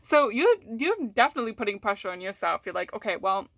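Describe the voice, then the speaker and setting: A woman's voice: fairly high pitch, very animated, quick pace, gravelly, a bit bright, no echo, clean studio sound. Frank, profane woman vlogger. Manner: frank and profane, restarts often, laughs between words. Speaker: vlogger talking to her audience. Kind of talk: casual candid chat.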